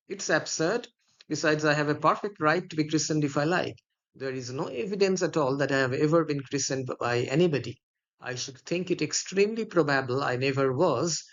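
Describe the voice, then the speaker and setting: Algernon, a man reading a flippant young gentleman. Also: a little high, moderate pace, lo-fi sound, natural voice. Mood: airy, flippant. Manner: plain read-aloud delivery, little voicing.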